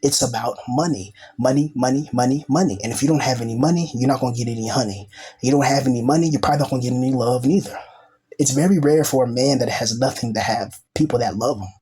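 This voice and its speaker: Husky-voiced man rambling casually. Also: mid-range voice, fast talker, mellow. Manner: rambling, full of "you know" and "bro" asides. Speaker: self-styled teacher and preacher.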